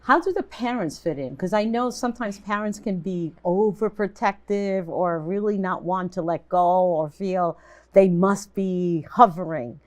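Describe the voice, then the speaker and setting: A woman's voice: lowish voice, a little slow. An older woman hosting a talk show interview, asking questions and affirming her guests. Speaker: host.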